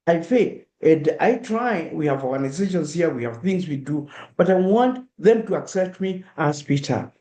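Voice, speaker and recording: A man's voice: fairly high pitch, expressive, normal speed, hardly any pauses, mellow, reverberant. A man from Kenya with a Kenyan accent, giving an earnest public talk and urging his listeners emphatically. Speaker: speaker.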